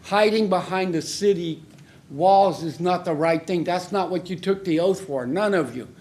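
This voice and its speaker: Angry high-voiced man at a podium. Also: normal speed, a little mellow. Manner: angry, accusing, confrontational; repeats himself in short blunt phrases. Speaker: member of the public giving comment. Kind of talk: public comment at a council meeting. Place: city council chamber.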